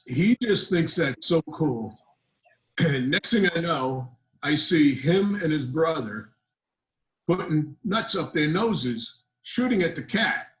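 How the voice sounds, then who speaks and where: An older man telling stand-up jokes over a video call. His delivery is dry and deadpan, and his stories wander into self-deprecating asides. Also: on the high side, takes it slowly, rough recording. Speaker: comedian.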